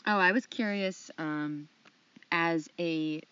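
Woman cohost, slow talker, bright voice, dry little jokes, kinda muffled sound. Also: on the low side, clean tone. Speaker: podcast co-host. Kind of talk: casual podcast chat.

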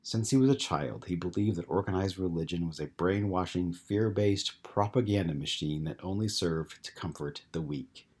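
A man narrating an audiobook in a calm, even storytelling manner. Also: sits low, normal speed, few pauses, husky. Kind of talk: scripted narration.

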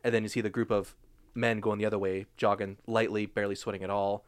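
Low-voiced young man, enthusiastic podcast host. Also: fast talker, clear, resonant tone. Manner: animated, enthusiastic, swears freely. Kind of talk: casual chat.

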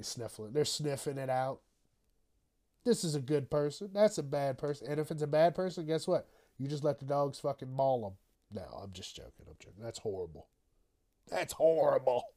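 A man's voice: medium pitch, normal speed, long pauses, mellow. A man hosting a casual solo news podcast, rambling and swearing, often trailing off into mumbles. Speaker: podcast host.

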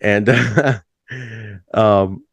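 A middle-aged man in a band, telling stories in a casual chat. He is laid-back, swears freely, says "like" a lot and jumps higher when he acts out a story. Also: drawn-out words, vocal fry, no echo. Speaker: band musician, interview guest.

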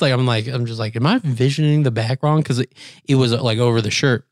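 Man, podcast co-host, casual chat, rambling, squeaky put-on voices in quotes, dry close sound. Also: racing, no room sound.

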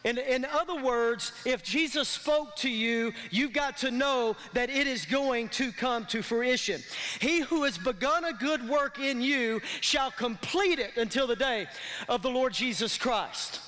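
In a church sanctuary, a pastor preaches in a high, bright voice at a slightly slow pace, inviting the congregation into call-and-response. His words trail off into the long echo of the big hall.

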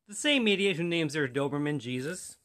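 A man voicing a smug pet parrot that delivers a solemn, flat warning in a joke. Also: fairly high pitch, a little fast, no room sound, clean studio sound.

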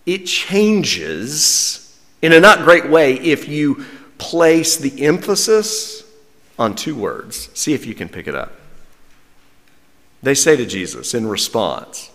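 A man, a pastor preaching a sermon with lively, wry humor. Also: medium pitch, takes it slowly, pauses often. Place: church sanctuary. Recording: long reverb of a church sanctuary.

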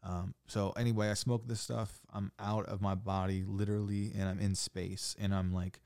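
A young man telling a wild story in casual chat, saying "like" a lot and swearing freely, getting animated. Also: lowish voice, moderate pace, vocal fry, smooth, dry recording, clean studio sound. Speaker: podcast guest.

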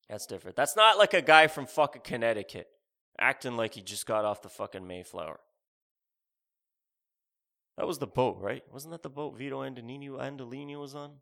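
A man's voice: mid-range voice, gravelly, sharp tone. A man in his thirties delivering a rambling, sarcastic, profane comedic rant as a podcast host.

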